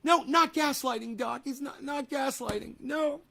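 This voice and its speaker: A man hosting a livestream, ranting at his chat. He yells and swears in exasperation, then drops to an apologetic mutter. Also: extremely high pitch, moderate pace, creaky, hardly any pauses. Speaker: livestream host. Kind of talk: ranting live commentary.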